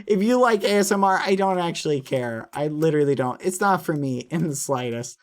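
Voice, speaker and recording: A man's voice: fairly high pitch, animated, a little fast, few pauses. A man streaming late at night who chats casually with viewers in a snarky, playful way, apologizing over and over.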